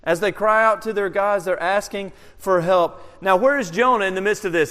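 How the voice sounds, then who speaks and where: A pastor preaching a verse-by-verse sermon, asking rhetorical questions, sometimes loud and sometimes hushed. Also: male voice, sits high, normal speed, hardly any pauses, in a large hall. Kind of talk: expository sermon.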